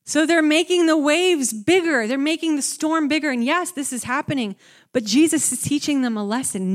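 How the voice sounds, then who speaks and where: A young woman preaching a conversational sermon, animated and talking to the congregation, acting out scenes. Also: normal speed. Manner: animated, conversational, acts out the disciples with rising pitch.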